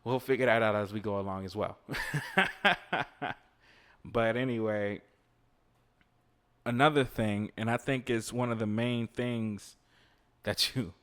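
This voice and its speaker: A man's voice: fairly low pitch, steady tone, a little slow, long pauses, fairly bright tone, smooth. A man hosting a podcast, giving laid-back motivational advice in casual speech, swearing, laughing and chatting to listeners while he plays a video game. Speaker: podcast host.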